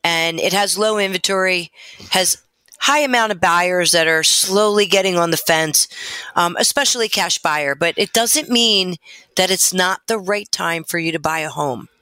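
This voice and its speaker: A woman's voice: fairly low pitch, normal speed, sharp tone, smooth, dry recording. A woman guest on a talk show, chatting in a friendly way and explaining the housing market. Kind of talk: casual radio chat.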